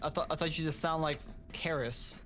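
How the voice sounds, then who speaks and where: A man's voice: a little high, fairly even intonation, fairly quick, music in the background. A man with a slight Southern American accent chatting casually on a gaming stream, rambling and stammering through jokes. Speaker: streamer co-player. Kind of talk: casual gameplay chat.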